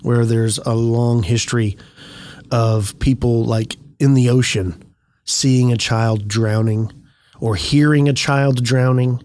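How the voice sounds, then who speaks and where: A man's voice: medium pitch, steady tone, takes it slowly, darkish tone, no room sound. A man co-hosting a podcast in casual chat, musing aloud with many rhetorical questions. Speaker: podcast co-host.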